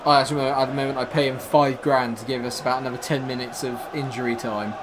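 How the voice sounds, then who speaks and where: A young man, commenting excitedly on his football video game and shouting at the screen. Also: medium pitch, fast, noisy background. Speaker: gaming YouTuber.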